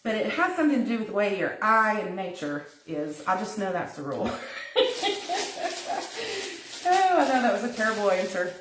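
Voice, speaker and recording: A woman demonstrates crafts live from her kitchen, talking and laughing with viewers and thinking aloud as she goes. She has a mid-range, fairly bright voice with a sing-song lilt at normal speed. Slight hiss or hum sits under the audio, which is echoey and captured from a distance.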